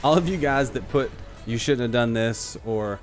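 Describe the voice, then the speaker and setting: A man giving live commentary while playing an online shooter, excitable and joking, trash-talking his opponents. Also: mid-range voice, normal speed. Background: faint background music.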